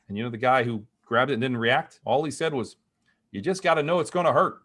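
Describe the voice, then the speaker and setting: A man's voice: mid-range voice, fairly quick, fairly bright tone. A man speaking as a guest market strategist on a video call, explaining with energy, frequent restarts and little acted-out quotes. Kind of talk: animated conversational explanation.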